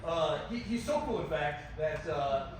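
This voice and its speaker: Excitable laughing talk show host. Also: male voice, fairly high pitch, a little slow. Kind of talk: live comedy talk show. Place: comedy club stage. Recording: echoey room, far mic, loud noise.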